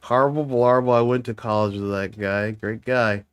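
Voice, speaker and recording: A man's voice: mid-range voice, steady tone, moderate pace, smooth. A young man streaming, chatting casually and joking with made-up nonsense words. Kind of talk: casual livestream chat.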